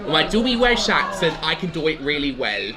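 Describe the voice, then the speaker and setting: A man's voice: fairly high pitch, big pitch swings, brisk, crowd noise. A young man player answering interview questions outdoors, earnest and a little formal. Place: outdoors at a rugby ground.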